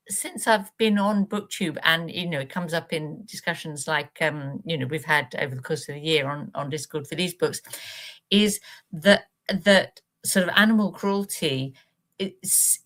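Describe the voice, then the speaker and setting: A woman's voice: fairly low pitch, fairly bright tone. A woman co-hosting a live book club stream, talking casually and hesitantly, with lots of fillers and restarts.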